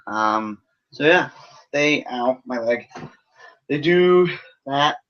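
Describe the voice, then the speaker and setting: A man's voice: mid-range voice, lively intonation, takes it slowly. A man giving a casual, rambling film review full of sarcasm and swearing. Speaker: movie reviewer. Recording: dull lo-fi recording.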